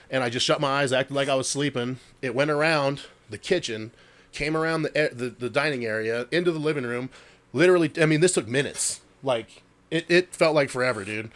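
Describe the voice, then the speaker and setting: A man's voice: mid-range voice, a bit bright. A man co-hosting a podcast, casually telling a ghost story full of swearing and "dude". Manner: laid-back, swears a lot, says "dude". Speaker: podcast co-host.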